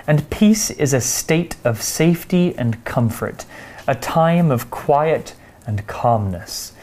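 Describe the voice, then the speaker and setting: Man explaining vocabulary, slow and careful. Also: medium pitch, darkish tone. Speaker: English teacher.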